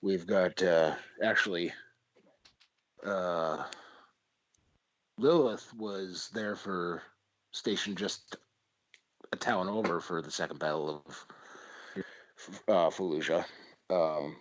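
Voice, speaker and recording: A man's voice: sits low, slow pace, pauses often, dry recording. A man hosting a podcast in casual chat, talking bluntly with plenty of swearing and rambling asides. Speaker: podcast host. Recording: dull lo-fi audio.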